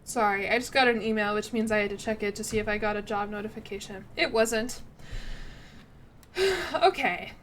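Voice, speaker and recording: A woman's voice: medium pitch, moderate pace, long pauses, a bit bright, slight background noise. A woman game streamer chatting casually and rambling a little, reading chat and poking fun at herself as she plays. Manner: chatty, rambling, self-deprecating, reads out chat.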